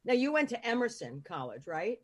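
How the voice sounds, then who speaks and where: A woman's voice: fairly high pitch, sing-song, brisk, slightly rough. A woman hosting an interview podcast, chatty and rambling, with lots of filler words. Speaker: host. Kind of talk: casual interview chat.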